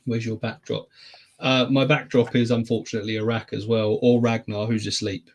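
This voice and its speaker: A man's voice: medium pitch, little pitch movement, moderate pace. A man co-hosting a casual podcast chat, teasing, laughing often and swearing casually. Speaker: podcast co-host.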